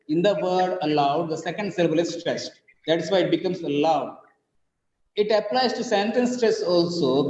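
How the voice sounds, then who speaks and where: High-voiced man with an Indian English accent, teaching slowly in an echoey room. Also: darkish tone. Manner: repeats example sentences slowly, stressing syllables. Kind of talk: classroom lecture on stress and rhythm. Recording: dull, roomy echo with long reverb.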